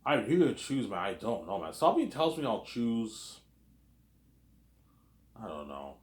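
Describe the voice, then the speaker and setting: A man's voice: fairly low pitch, big pitch swings, measured pace. A man hosting a casual, rambling commentary, repeating the same filler phrases again and again. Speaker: host. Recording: roomy echo.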